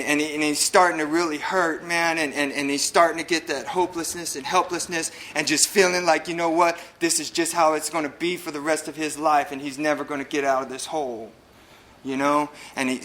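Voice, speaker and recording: Bright-voiced man telling a recovery story. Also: fairly high pitch, a little hiss or hum. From El Paso, Texas. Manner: earnest, repeats words and uses many fillers. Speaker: convention speaker sharing his recovery story.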